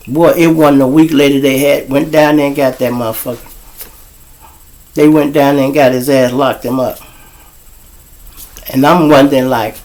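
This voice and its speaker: A middle-aged man telling street stories outdoors to a live audience, blunt, profane and mocking. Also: a little high. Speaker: show host and storyteller.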